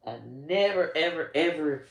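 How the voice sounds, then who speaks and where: A woman comedian giving a tearful, emotional personal monologue, swinging from hushed to loud with heavy cursing. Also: sits low, expressive, measured pace, creaky, echoey room. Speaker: comedian and social media creator.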